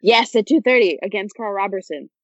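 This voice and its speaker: A woman's voice: medium pitch, lively intonation, fairly quick, no room sound. A young woman co-hosting a podcast in casual chat, laid-back and joking, swearing casually. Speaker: podcast co-host. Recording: dull lo-fi dry sound.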